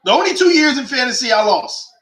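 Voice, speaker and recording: A man riffs through an emphatic, preachy monologue, firing off rhetorical questions in slangy talk. His voice sits high and swoops up and down. The room around him rings with echo. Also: sing-song, fast talker, a bit bright. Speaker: host of a call-in sports show. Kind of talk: animated opinionated monologue.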